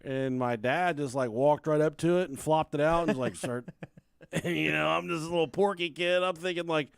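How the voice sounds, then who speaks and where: A man's voice: on the high side, moderate pace, vocal fry, clean tone, dry recording, studio quality. A man co-hosting a podcast, telling a crude childhood story in a rambling, casual way and laughing as he goes. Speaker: podcast co-host.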